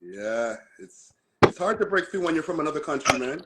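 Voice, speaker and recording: A man's voice: a little high, very animated, a little fast, very noisy. A man from Toronto with a Toronto accent, chatting easygoingly as a guest on a live stream and using slang like "fam" and "bro". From Toronto, Canada. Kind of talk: casual chat on a live stream.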